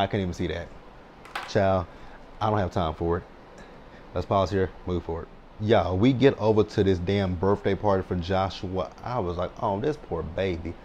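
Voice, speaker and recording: A man's voice: deep voice, darkish tone, muffled recording, slight background noise. A man in his thirties giving a blunt, sassy, chatty recap of a reality show. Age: 30s. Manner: sassy, blunt, chatty with frequent "child" and "right?". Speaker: TV recap host.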